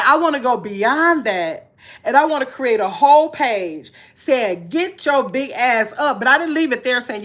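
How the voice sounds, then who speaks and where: A woman's voice: on the high side, fairly bright tone. A woman vlogging live to her chat in casual talk, blunt and emphatic, repeating her points.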